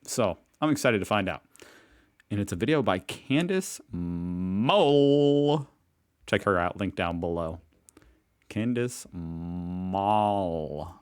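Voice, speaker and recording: A man's voice: deep voice, lively intonation, takes it slowly, clean tone. A man from Indiana, casually reacting to a video and thinking aloud with hesitant restarts. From Indiana, USA.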